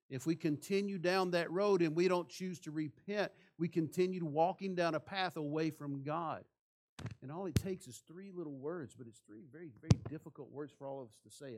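Preaching man, slightly high voice. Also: darkish tone. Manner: preaching with rhetorical questions to the congregation. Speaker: pastor. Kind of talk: sermon. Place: church.

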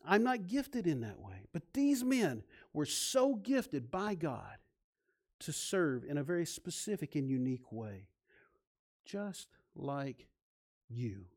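A male pastor preaches a sermon slowly in a fairly high, very animated voice, moving between loud, emphatic lines and soft, hushed ones. He leads the congregation in call-and-response and adds self-deprecating asides.

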